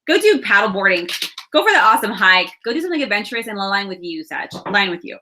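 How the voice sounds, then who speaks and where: Talking fast in a sing-song, medium-pitched voice, a woman in her thirties offers a relaxed, comforting astrology and tarot reading to camera against a noisy background. She's chatty and kind, laughing and sighing between thoughts.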